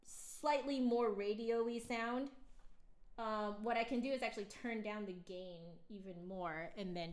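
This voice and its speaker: Slow, chatty woman live-streamer. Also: mid-range voice, a little mellow. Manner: explanatory, many fillers. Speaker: flutist hosting a live stream. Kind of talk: casual chat. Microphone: close mic, gain changed during talk.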